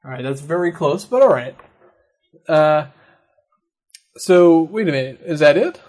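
A man leads a casual podcast chat, upbeat and full of jokes. His voice sits a little high for a man. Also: animated, darkish tone. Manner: upbeat, jokey, quick asides. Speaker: podcast host.

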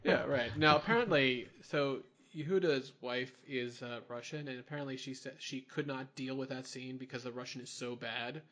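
A man co-hosting a casual movie review podcast, relaxed and chatty, laughing easily as he talks. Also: mid-range voice, normal speed, hardly any pauses. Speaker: podcast co-host.

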